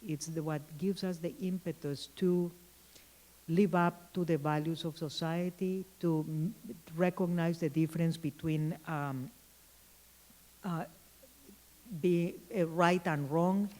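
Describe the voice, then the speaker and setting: Woman lecturing at a conference, slow and thoughtful, lowish warm voice, lots of ums. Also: fairly even intonation, low-quality recording. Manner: thoughtful, pauses with ums and restarts. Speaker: keynote speaker.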